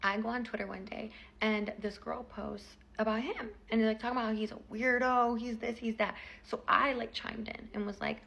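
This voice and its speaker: A woman's voice: on the high side, fairly even intonation, normal speed, creaky, hardly any pauses, bright, forceful tone, lo-fi sound. A woman in her twenties telling a personal story in a chatty, casual vlog style, full of fillers.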